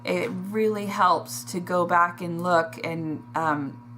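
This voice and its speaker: A woman talking in a personal video diary, emotional and halting, pausing and sighing as she speaks. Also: lowish voice, a bit bright, a little hiss or hum. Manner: emotional, halting, with sighs and restarts. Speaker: vlogger.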